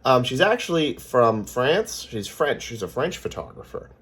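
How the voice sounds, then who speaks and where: A man with a Californian American accent talks through a casual vlog sign-off. He rambles and often stops to correct himself, with plenty of ums along the way. His voice sits in an ordinary middle pitch. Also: very animated, moderate pace, fairly bright tone, breathy edge. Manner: rambling, chatty, with frequent ums and self-corrections. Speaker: vlogger.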